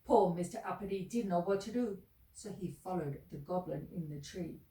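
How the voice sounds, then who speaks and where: A woman reading a children's story aloud in an expressive, sing-song way. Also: on the low side, moderate pace, a little hiss or hum. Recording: echoey room, mic at a distance.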